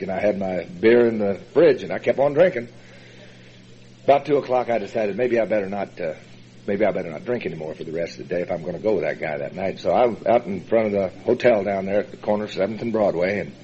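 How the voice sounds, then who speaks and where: A man telling his personal recovery story as a meeting speaker, in a folksy, halting way with many fillers and chuckles. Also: fairly low pitch, dark tone. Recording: dull lo-fi recording.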